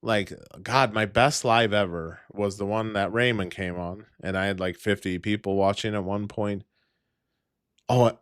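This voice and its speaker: A man's voice: mid-range voice, a bit bright, no room sound, clean studio sound. A man hosting a casual livestream, talking in a rambling, heavily profane way and laughing often. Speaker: livestream host.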